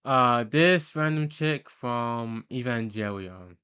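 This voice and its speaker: A man hosting a character-ranking video speaks slowly in a mid-range voice with a sharp, clean tone. His tier-list commentary is casual and rambling, and he often hesitates, uses fillers and revises himself mid-sentence.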